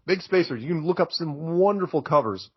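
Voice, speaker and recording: A man talking as a podcast guest in an animated, emphatic way, getting worked up as he makes his case. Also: a little high, fairly quick, husky, no echo. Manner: excitable, emphatic, gets worked up. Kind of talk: animated conversational rant. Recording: dull lo-fi, dry audio.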